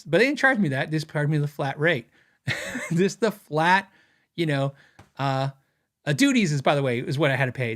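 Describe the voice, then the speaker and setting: Animated man telling a gear story. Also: high-pitched. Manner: animated, chatty, laughs at his own story. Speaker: podcast host. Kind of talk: casual storytelling.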